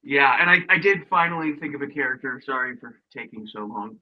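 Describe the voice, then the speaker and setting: An excitable man co-hosting a podcast, often laughing. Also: medium pitch, a little fast, dull audio, slight background noise. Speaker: podcast co-host. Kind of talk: casual chat.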